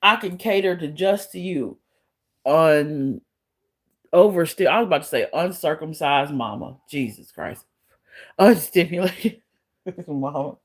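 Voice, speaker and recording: Woman, live streamer, casual chat with viewers, slow unhurried delivery, blunt, profane, sassy, laughs a lot. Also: sits low, lively intonation.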